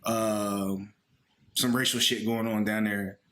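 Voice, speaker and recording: A man's voice: lowish voice, little pitch movement, takes it slowly, fairly bright tone. A young man from the Philadelphia area co-hosting a casual podcast, talking bluntly and ramblingly and swearing freely. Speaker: podcast co-host. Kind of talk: casual chat.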